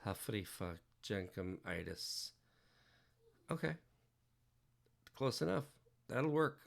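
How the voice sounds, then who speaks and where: A man with a low, gravelly voice talks unhurriedly while he works on digital art during a livestream. His chat is loose and playful, full of jokes and wordplay, and it drifts from one thought to the next. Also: big pitch swings, slow pace. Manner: playful, rambling, jokey wordplay.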